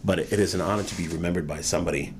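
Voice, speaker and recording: Over a noisy background, a man in his fifties from New York speaks very fast in a deep voice. He is sharing life stories in an oral history interview, animatedly acting out the voices of the people he quotes.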